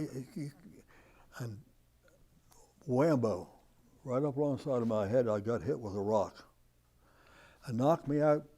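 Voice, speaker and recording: A man in his nineties from the United States, telling war stories in an interview as an animated storyteller who chuckles at his own tale. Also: medium pitch. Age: 90s. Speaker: veteran interviewee. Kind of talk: recounting war memories in an interview.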